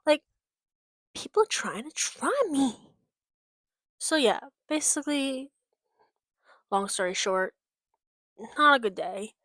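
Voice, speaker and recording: Young woman vlogger, slightly high voice, dry close mic, rambling and blunt, swears freely. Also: animated, slow pace, pauses often, fairly bright tone, dry recording. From United States. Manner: rambling, frank, swears often, many fillers. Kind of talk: casual chat.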